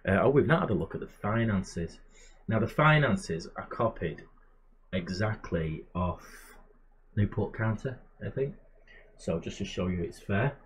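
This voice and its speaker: A man's voice: fairly low pitch, animated, measured pace, slight background noise. A man giving casual, chatty commentary while playing a management game, muttering asides to himself. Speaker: gamer and channel host.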